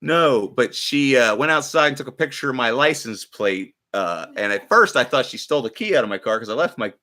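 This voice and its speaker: A man hosting a livestream, telling a story in casual, profane, animated talk. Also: mid-range voice, a little fast. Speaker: livestream host.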